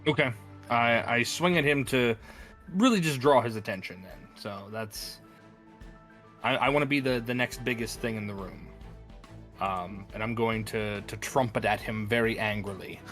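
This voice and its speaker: A man playing a tabletop game, speaking in a casual, halting way. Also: medium pitch, fairly bright tone, faint music behind. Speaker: player.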